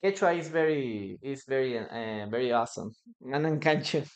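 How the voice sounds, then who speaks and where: A man with a Peruvian Spanish accent, teaching English live online and repeating phrases slowly for learners. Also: mid-range voice, expressive. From Peru. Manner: greets viewers by name and reads chat aloud.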